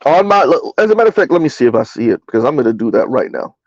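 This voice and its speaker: A man hosting a casual livestream, reading numbers aloud and answering his chat in a relaxed, chatty way. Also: mid-range voice, very fast, no room sound, highs cut off. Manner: casual, chatty, addresses listeners as y'all. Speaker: livestream host.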